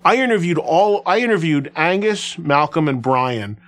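A male radio host with a voice pitched a touch above the usual for men. He tells stories in a loose, chatty manner, circling back and restarting sentences with plenty of casual fillers. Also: moderate pace. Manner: animated anecdotal telling, filler-heavy with restarts. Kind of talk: casual conversational storytelling.

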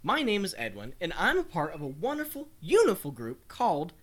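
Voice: mid-range voice, wildly swooping pitch, a little fast, a bit bright. A performer voicing a zealous male centaur cult follower, preachy and gushing, prone to sudden outbursts in a comedy audio drama. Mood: fervent.

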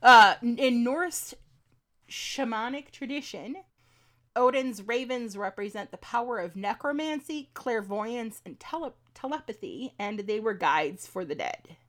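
A woman's voice: fairly high pitch, lively intonation, unhurried, fairly bright tone. A woman co-hosting a podcast in casual chat, reading folklore notes with many ums and laughing at her own mispronunciations. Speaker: podcast co-host.

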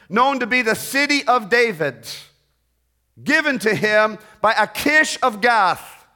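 A middle-aged man preaching a sermon, reading scripture and retelling it expressively, joking with his listeners. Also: very high voice. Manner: expressive, rising and falling in volume, jokes with the audience.

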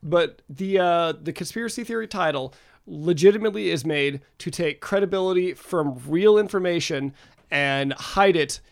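A man with a somewhat high voice talks loosely among friends, piling up fillers and false starts as he retells a story. He swears casually and keeps the chat relaxed. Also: moderate pace, vocal fry. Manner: rambling, profane, many fillers and restarts. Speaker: podcast co-host.

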